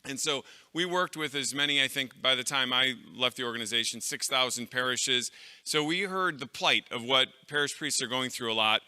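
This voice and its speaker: A man's voice: medium pitch, normal speed, pushed and bright, clean tone, long reverb tail. A middle-aged man giving a live talk to an audience of clergy, conversational and anecdotal, with fillers and restarts. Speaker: conference speaker.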